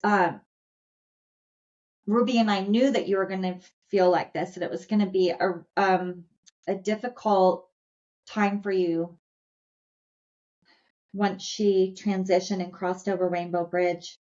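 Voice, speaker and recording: A woman voicing a sweet, sensitive young male dog, speaking in a gentle, earnest, halting way. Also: medium pitch, steady tone, close to an everyday voice. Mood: loving. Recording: slightly dull lo-fi audio.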